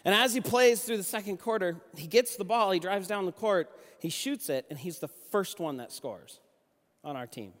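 Young man, preaching, storytelling, slightly high voice, echoing hall. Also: moderate pace. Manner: conversational, animated storytelling with restarts. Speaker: youth pastor and junior high basketball coach. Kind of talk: sermon with personal stories.

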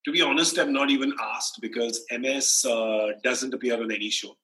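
A man with an Indian English accent, a sports anchor telling lively anecdotes as a guest, acting out quotes and laughing often. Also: mid-range voice, a little fast, reverberant, low-quality recording. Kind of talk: casual storytelling interview.

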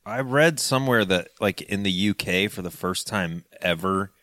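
A man with a fairly low voice talks in a relaxed podcast chat, wandering through self-deprecating anecdotes. The recording is dry and close, with no room sound. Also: normal speed, no room sound. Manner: rambling, self-deprecating storyteller. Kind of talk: casual chat.

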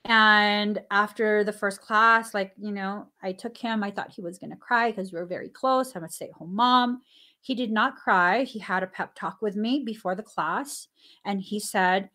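A woman, a stay-at-home mom, telling anecdotes in casual talk, animated and laughing often, acting out the dialogue she quotes. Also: normal speed. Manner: acts out dialogue with sudden pitch jumps.

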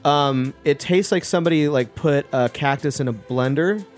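A man's voice: fairly high pitch, moderate pace, faint music behind. A man with a cold, describing a beer with wry exaggeration in casual banter. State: has a cold.

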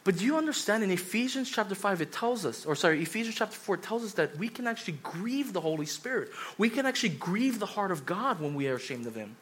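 A man in his thirties, a pastor giving a sermon, telling stories in a chatty way and rising to loud urgent pleading. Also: high voice, very animated, fast talker, few pauses, breathy edge. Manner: conversational preaching, swings from quiet storytelling to loud urgent pleading.

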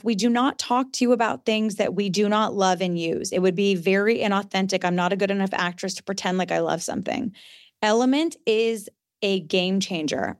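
A woman's voice: medium pitch, dry recording. Woman co-host: sincere, conversational ad read, dry close mic. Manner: earnest, chatty. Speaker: podcast co-host.

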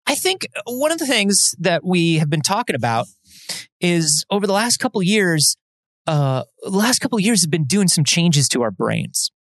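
A man's voice: high-pitched, very animated, moderate pace, a bit bright, dry recording, clean studio sound. A man co-hosting a podcast, chatting casually and self-deprecatingly as he explains science news. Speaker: podcast co-host. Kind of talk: casual chat.

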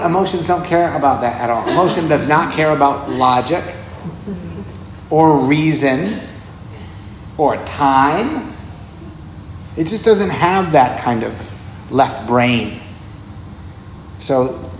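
A man's voice: fairly high pitch, animated, takes it slowly, long pauses. Man giving a casual dharma talk. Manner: conversational, repeats words, chuckles often. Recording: roomy echo, faint background noise.

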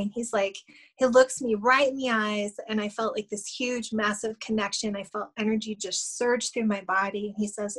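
A woman's voice: medium pitch, steady tone, normal speed, poor audio. A middle-aged woman, a guest on a podcast, earnestly telling a personal story with many fillers and small laughs. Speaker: guest, shamanic healer.

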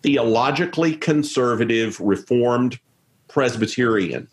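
A man's voice: medium pitch, measured pace. A man, an interview guest talking in a rambling way with many restarts. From South Carolina, US. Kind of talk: conversational interview.

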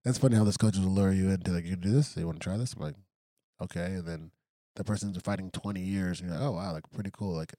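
A man's voice: low-pitched, quick pace, warm tone, no echo, studio quality. A young adult man, a professional fighter, telling stories in a casual interview and acting out quoted lines with animation. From United States, raised by Congolese immigrant parents.

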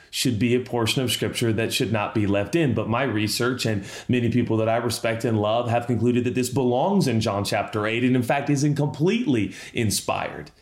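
A man preaching a sermon as lead pastor, emphatic and building to impassioned appeals. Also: medium pitch. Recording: roomy echo.

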